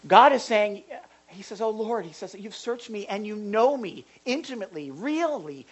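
Pastor, live sermon in a church hall, animated and excitable, chatty asides. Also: medium pitch, normal speed, breathy edge, highs cut off. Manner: animated, gets excited and louder; jokey asides to the congregation.

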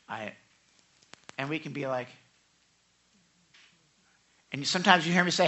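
A pastor preaching a conversational, animated sermon with frequent asides and self-corrections. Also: mid-range voice, unhurried, long pauses, background noise.

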